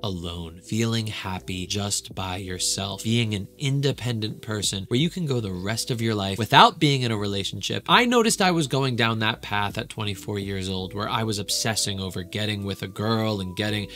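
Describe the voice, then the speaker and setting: Casting: emphatic male dating coach, bright and forceful. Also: fairly low pitch, moderate pace, few pauses. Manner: earnest, emphatic advice-giving. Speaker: social and relationship coach. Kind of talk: reaction video commentary.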